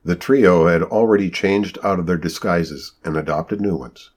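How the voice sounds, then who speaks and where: A man reading a novel aloud as narrator, lifting his voice for the characters' lines. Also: normal speed. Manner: lively storytelling, raises pitch for quoted characters. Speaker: audiobook narrator. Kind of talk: scripted narration.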